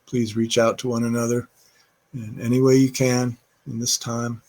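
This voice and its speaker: A man reading poetry aloud in a slow, measured recitation, recording at home during quarantine. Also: mid-range voice, level tone, darkish tone. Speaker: poetry reader.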